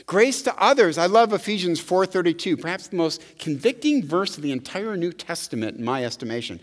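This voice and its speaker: Male pastor, middle-aged, lively rising and falling delivery, slightly high voice, long hall reverb. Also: moderate pace, hardly any pauses. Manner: animated, conversational preaching with frequent "right?". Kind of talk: sermon. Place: church sanctuary.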